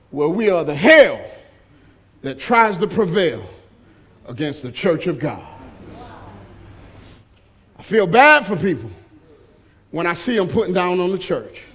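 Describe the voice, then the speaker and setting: High-voiced, emphatic man preaching. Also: very animated, unhurried, pauses often. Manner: emphatic, call-and-response, bursts into shouting. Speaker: pastor. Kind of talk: sermon.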